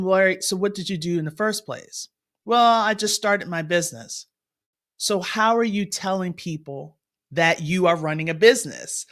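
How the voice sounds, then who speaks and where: A woman's voice: mid-range voice, fairly bright tone. A woman math tutor talks straight to her viewers on a casual livestream. She is chatty and upbeat, breaks off to greet people as they join, and laughs easily.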